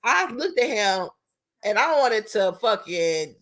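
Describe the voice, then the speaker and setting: Brief: young woman, casual storytime vlogger, animated and foul-mouthed, mid-range pitch. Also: slow pace. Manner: animated, profane, chatty storyteller.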